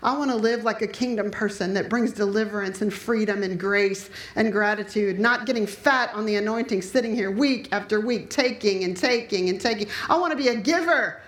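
Woman preacher, middle-aged, mid-pitched, emphatic testimony, echoey room. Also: fairly even intonation, moderate pace, few pauses. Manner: emphatic, storytelling, acts out quoted speech. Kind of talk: sermon with personal testimony.

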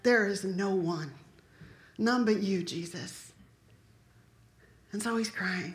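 A woman's voice: medium pitch, a little slow, long pauses. A woman preaching a sermon in a chatty, conversational way, dropping joking asides to her congregation. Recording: echoey room.

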